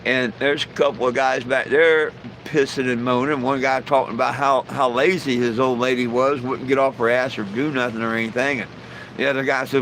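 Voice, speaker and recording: A man's voice: mid-range voice, flat delivery, fairly quick, a bit bright, slight background noise, poor audio. Folksy rambling man telling jokes. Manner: folksy, rambling storyteller with frequent "you know". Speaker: live stream host. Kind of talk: casual joke telling.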